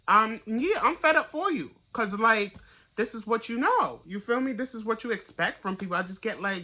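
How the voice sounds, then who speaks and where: A tarot reader giving a casual, blunt and profane reading straight to the viewer, getting louder and higher when fired up. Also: brisk. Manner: blunt, profane, pep-talk delivery.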